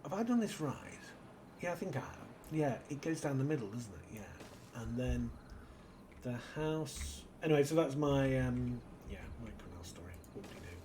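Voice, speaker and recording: A man's voice: mid-range voice, sing-song, moderate pace, a little mellow, slight background noise. A British man hosting a casual let's-play, rambling through an anecdote and muttering to himself as he plays. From Britain. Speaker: gaming channel host.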